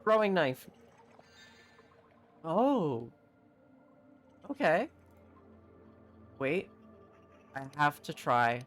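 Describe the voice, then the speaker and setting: A streamer giving casual, excitable commentary while playing a video game, often exclaiming and laughing. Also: medium pitch, extremely slow, pauses often, soft background music.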